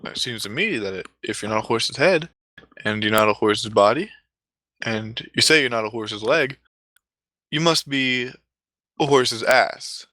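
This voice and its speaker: A man's voice: mid-range voice, measured pace, pauses often, sharp tone, no room sound. A man voicing a theatrical male circus clown who speaks with formal, mock-courteous politeness. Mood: teasing, mock-polite.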